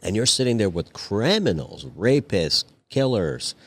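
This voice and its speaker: A man's voice: fairly low pitch, sing-song, measured pace, dry recording. A young adult man, a podcast guest, telling a story in casual chat, swearing freely and acting out the voices of the people in it. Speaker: podcast guest, cigar company owner.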